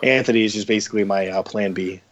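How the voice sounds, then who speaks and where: A man's voice: fairly low pitch, steady tone, fast. Rambling, profane man on a muffled line. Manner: rambling, profane, with many fillers. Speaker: podcast guest. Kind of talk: casual chat.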